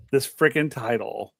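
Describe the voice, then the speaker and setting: A man's voice: mid-range voice, creaky, a bit bright, no echo, clean studio sound. A man co-hosting a wrestling podcast in casual chat, exasperated and grumbling, laughing at himself. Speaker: podcast co-host.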